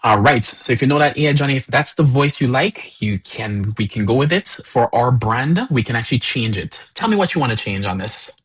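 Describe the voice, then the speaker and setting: Husky male instructor, casual and repetitive, running a live tech workshop. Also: mid-range voice, expressive, fairly quick, few pauses, rough recording. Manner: conversational, repeats words, many fillers.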